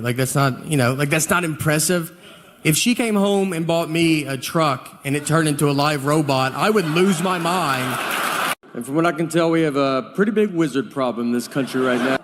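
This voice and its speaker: A man doing stand-up comedy, telling long anecdotes in a low-key, rambling way. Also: noisy background. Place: comedy stage before a live audience. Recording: live show with audience laughter. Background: audience laughter and room ambience.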